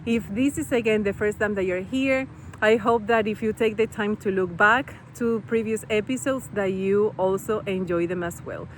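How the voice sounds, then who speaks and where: A woman's voice: mid-range voice, moderate pace, a little hiss or hum, poor audio. Woman vlogging outdoors by a canal. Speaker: podcast host. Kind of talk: casual vlog chat.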